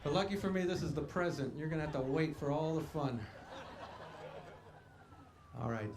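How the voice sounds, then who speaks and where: A man's voice: fairly high pitch, normal speed. A man singing on an outdoor stage and playfully coaching the crowd to sing along, through a stage microphone. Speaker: singer and entertainer. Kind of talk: live concert singing with crowd banter. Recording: echoey outdoor stage recording with loud band.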